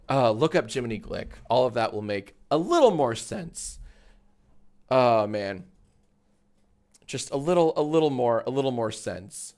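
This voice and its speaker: A man streams live and chats loosely with his viewers. He rambles and swears, and his mid-pitched voice moves up and down in a lively way. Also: unhurried. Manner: rambling and profane, reads chat aloud. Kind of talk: casual live-stream chat.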